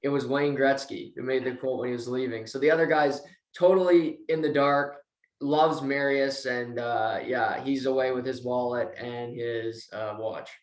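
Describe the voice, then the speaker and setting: A man's voice: mid-range voice, moderate pace. A man casually recapping a TV episode as co-host, acting out the characters' lines as he tells it. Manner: animated retelling, acts out quotes. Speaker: podcast co-host. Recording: roomy echo.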